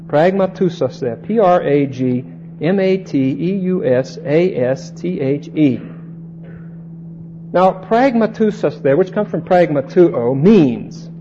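Slow, mellow-voiced man teaching scripture. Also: a little high, lo-fi sound, a little hiss or hum. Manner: unhurried, repeats points and checks understanding with "okay?". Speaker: Bible teacher. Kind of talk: conversational Bible teaching.

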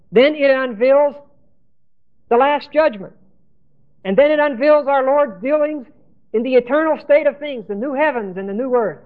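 A man teaching a Bible lesson, spelling out Greek words letter by letter and repeating key terms. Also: extremely high pitch. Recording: tinny phone-like lo-fi recording.

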